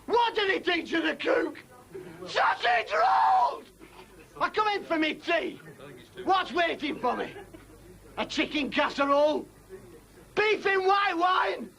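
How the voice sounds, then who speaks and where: A male comedian doing an exasperated stand-up rant before a studio audience, shouting in bursts of outrage. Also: gravelly. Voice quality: exasperated shouting, high strained voice. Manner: ranting, slow and emphatic, bursts of outrage. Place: television studio with live audience.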